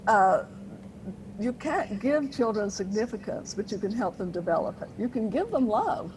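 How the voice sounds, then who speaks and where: A woman's voice: medium pitch, very animated, normal speed. A woman explaining parenting ideas as an interview guest, earnest and teacherly, with light laughs now and then. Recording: noisy interview recording.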